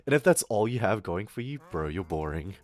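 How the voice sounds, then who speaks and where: A man's voice: low voice, animated, a little fast, a little mellow, no echo. A young Australian man chatting casually on a livestream, rambling, swearing and laughing often, his throat a little irritated. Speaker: VTuber streamer.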